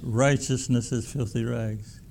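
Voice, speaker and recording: A man's voice: mid-range voice, steady tone, measured pace, creaky, a little mellow. A pastor preaching a sermon in a folksy, emphatic way, often repeating his words.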